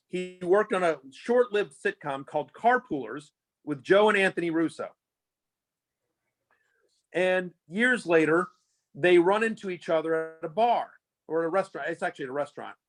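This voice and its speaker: Man, interview guest, casual storytelling, lots of fillers, high-pitched. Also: normal speed. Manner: rambling, lots of fillers and restarts, animated retelling. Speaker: fantasy sports analyst guest.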